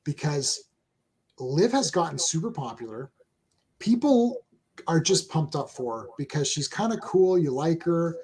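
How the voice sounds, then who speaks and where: A man co-hosting a casual chat show, talking excitedly with many restarts and reading viewer comments aloud. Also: fairly high pitch, unhurried, breathy edge. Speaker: co-host.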